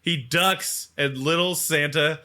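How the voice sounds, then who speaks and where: A man co-hosting a podcast, casually retelling a movie's plot and acting out its lines in quick mock voices. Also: fairly high pitch, pushed and bright. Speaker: podcast co-host. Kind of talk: casual movie recap chat.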